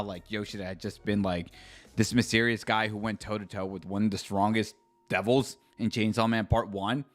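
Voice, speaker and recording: A man streaming a live manga reaction, ranting with profanity and sarcasm and reading out chat comments. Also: fairly low pitch.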